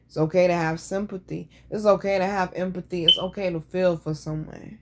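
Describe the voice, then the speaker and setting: A woman's voice: on the low side, fairly even intonation, a little fast, fairly bright tone. A woman hosting a casual show, telling stories in a blunt, profane, sassy way. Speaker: podcast host. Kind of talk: casual storytelling chat.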